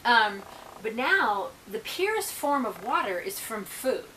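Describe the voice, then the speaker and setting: A woman's voice: a little high, very animated, a little slow, bright, forceful tone, a little hiss or hum, poor audio. A woman, a reverend, talking in a loose, rambling monologue full of ums and restarts. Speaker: reverend vlogger.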